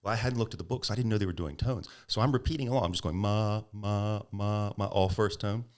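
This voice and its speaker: A middle-aged man appears as a podcast guest, answering interview questions with long, animated stories. He acts out the voices of the people in them and laughs along the way. His voice is on the low side, and he talks at a racing pace.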